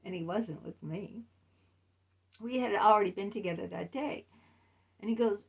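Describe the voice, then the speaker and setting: A woman's voice: medium pitch, normal speed, creaky, long pauses, breathy edge, recorded from a distance. A woman telling a candid personal story in a casual vlog, chatty and laughing between lines. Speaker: author and vlogger.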